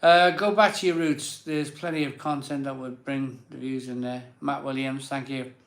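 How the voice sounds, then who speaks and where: A man's voice: mid-range voice, steady tone, moderate pace, fairly bright tone, reverberant. A slightly drunk man, hosting a live beer show in rambling casual chat. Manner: rambling and self-doubting, many fillers and restarts. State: a bit drunk.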